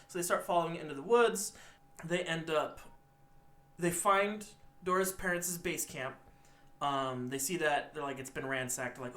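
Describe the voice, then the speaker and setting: A young man co-hosting a podcast, retelling a film's plot in a rambling, animated way and acting out the characters' lines. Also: fairly high pitch, moderate pace. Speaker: podcast co-host. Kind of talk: casual movie recap.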